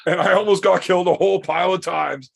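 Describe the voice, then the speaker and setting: A man's voice: high-pitched, fairly even intonation, quick pace, creaky, husky. A Canadian man who arm wrestles, telling long profane stories on a casual podcast. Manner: profane, boisterous, rambling anecdotes.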